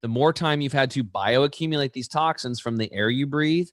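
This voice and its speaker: A man's voice: medium pitch, normal speed, dry recording, studio quality. A man, an interview guest, explaining with energy, acting out quoted people and often restarting his sentences. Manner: animated storyteller, acts out quoted voices, many restarts.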